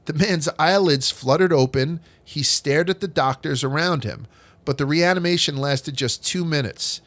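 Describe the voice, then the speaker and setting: Telling history for laughs, the podcast host cusses freely and cracks crude jokes as he reads out old tales. His voice sits a little high with a fairly bright tone, and he keeps a moderate pace.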